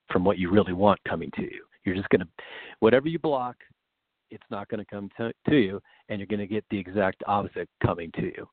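A man's voice: fairly low pitch, slightly rough, no room sound. A man co-hosting a casual chat, talking in a friendly, encouraging, coaching way. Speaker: podcast co-host. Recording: tinny phone-like, dry sound.

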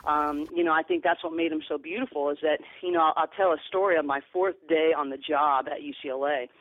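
A woman's voice: low-pitched, steady tone, fast, no echo. A woman basketball coach, a podcast guest, telling stories earnestly and often restarting her sentences. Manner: earnest, repeats words when starting sentences. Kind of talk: storytelling interview answers. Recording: tinny phone line, dry.

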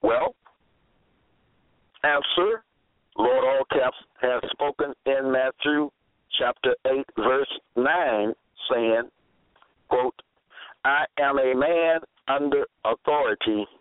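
A man preaching a sermon, quoting scripture deliberately, spelling out words and repeating phrases for emphasis. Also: medium pitch, steady tone, no echo. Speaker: religious preacher. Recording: tinny phone-line audio, dry.

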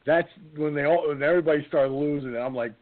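A man in his sixties hosting a casual talk show, telling a comic anecdote and jumping into silly high voices. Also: fast talker. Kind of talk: casual storytelling chat. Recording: phone-line audio.

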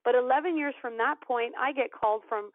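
A woman guest telling a personal story in an animated way, acting out the voices of the people in it. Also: sits high, a little fast, no echo. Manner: animated storyteller, acts out quoted dialogue. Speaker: podcast guest. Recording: tinny phone-line audio, dry.

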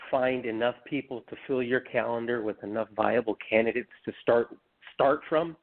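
A man thinking aloud in a tentative way during a chat. His voice is gravelly with plenty of vocal fry. It comes through a narrow, phone-like line. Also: mid-range voice. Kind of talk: casual chat.

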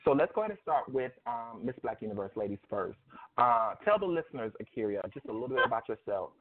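Guy in his 30s hosting a call-in show, lots of ums, laughs easy, tinny phone sound, mid pitch. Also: very animated, fast. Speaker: host. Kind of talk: call-in radio interview.

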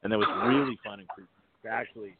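A man's voice: on the low side, fairly even intonation, quick pace, heavy background noise. Rambling man on a tinny phone line. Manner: rambling, chuckling, many fillers and restarts. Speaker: guest, inventor. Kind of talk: casual call-in chat.

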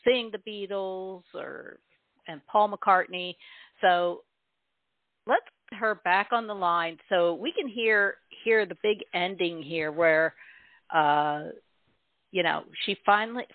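A woman hosting a podcast interview in a relaxed way with many fillers, heard over a phone-like line. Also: fairly low pitch, no echo. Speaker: host.

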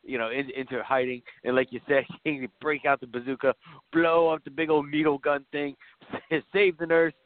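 A man's voice: on the high side, level tone, moderate pace, no echo. A man co-hosting a casual podcast, recapping a movie plot with lots of laughter and swearing. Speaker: podcast co-host. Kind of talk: casual chat. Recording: dry, tinny phone-like sound.

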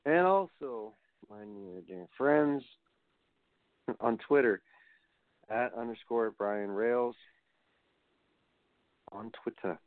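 This wrestling podcast host, working solo on a casual review show, takes things slowly with long pauses, digressing and rambling as he reads results aloud. His voice is medium-pitched, and the sound is tinny, phone-like and dry, without echo.

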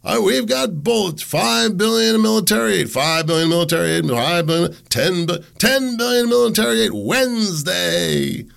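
A man's voice: sits high, normal speed, vocal fry, few pauses, fairly bright tone, voice pushed up, full character voice. A man voicing a male auctioneer who rattles off mocking bid calls. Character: fast-calling male auctioneer selling off war aid.

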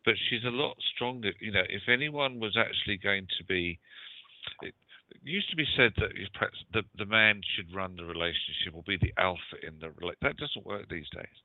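Deep-voiced British man on a phone line. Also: brisk, no room sound. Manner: hesitant, many fillers. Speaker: psychic medium. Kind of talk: casual call-in chat. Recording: dry, tinny phone-line sound.

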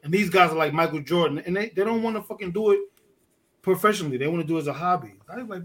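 A man from Detroit with a high voice tells a story on a podcast in loose, profane street talk. He acts out every exchange, and his tone swings from loud to low. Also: rapid-fire. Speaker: podcast guest, underwater photographer. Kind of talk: casual storytelling chat.

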